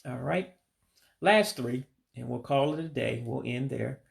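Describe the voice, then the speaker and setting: A man teaching vocabulary in a casual lesson, patiently repeating words slowly and admitting when he stumbles. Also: mid-range voice, vocal fry. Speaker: language learner teaching vocabulary.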